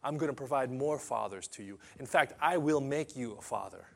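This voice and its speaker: A preacher voicing God as a kind father who speaks in a soft, low, reassuring way. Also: lively intonation, brisk, creaky. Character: kind, fatherly God promising lasting care.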